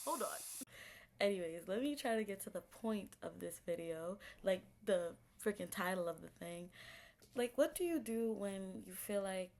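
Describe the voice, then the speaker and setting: A woman's voice: medium pitch, a little mellow, poor audio. A woman in her twenties ranting casually to camera at home, rambling with slang and lots of fillers. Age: 20s. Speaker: vlogger. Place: room at home with a hissing radiator. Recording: faint radiator hiss behind.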